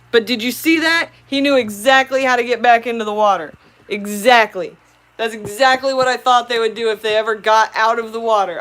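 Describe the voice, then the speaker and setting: An excitable woman hosts a live stream, chatting with her viewers and talking to her fish. Her voice sits a little high. She talks casually and eagerly, as if to friends. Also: low-quality recording.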